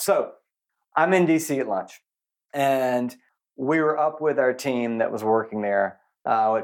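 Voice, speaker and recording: A man co-hosting a podcast in casual chat, telling self-mocking stories and stressing unusual words. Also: medium pitch. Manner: animated storyteller who stresses unusual words; self-mocking, laughs often. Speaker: podcast co-host.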